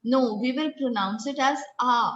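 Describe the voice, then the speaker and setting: A woman's voice: on the high side, a little slow, fairly bright tone, a little hiss or hum. A woman teaching French to a class, patiently asking pupils questions. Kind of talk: classroom lesson. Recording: echoey classroom, dull lo-fi sound.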